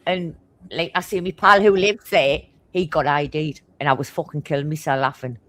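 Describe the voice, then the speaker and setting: A woman with a broad Geordie accent, blunt and swearing constantly as she tells animated stories in casual chat. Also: low voice, no room sound. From Newcastle, England. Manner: talks fast.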